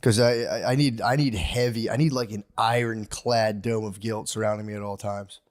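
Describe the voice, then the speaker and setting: A man co-hosting a comedy podcast in casual chat, rambling and acting out quotes, sometimes jumping into a shrill voice. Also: steady tone, normal speed. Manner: rambling, acts out quotes with sudden high-pitched outbursts. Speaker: podcast co-host.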